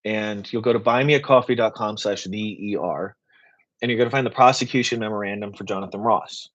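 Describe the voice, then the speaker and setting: A man hosting a live Q and A stream, talking in a passionate, rapid, rambling way. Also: lowish voice, a bit bright, dull audio. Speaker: political writer and activist host.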